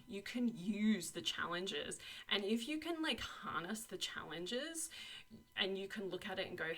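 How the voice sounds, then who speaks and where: A woman's voice: on the high side, animated, unhurried, pushed and bright. A young woman giving a casual tarot and oracle card reading, effusive and encouraging, with frequent laughs and lots of "like" and "you know.". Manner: effusive and encouraging, full of 'like' and 'you know'; laughs often.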